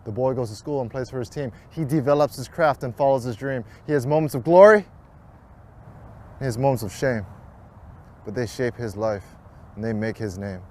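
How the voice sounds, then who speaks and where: A man narrating a rhymed spoken-word advertisement with a measured, poetic cadence. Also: medium pitch, darkish tone, a little hiss or hum.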